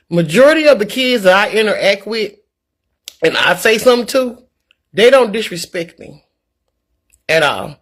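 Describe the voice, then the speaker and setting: A woman talking casually to her viewers in a vlog, in an animated, preachy, folksy way. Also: lowish voice, husky. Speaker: vlogger. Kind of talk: casual talk to camera.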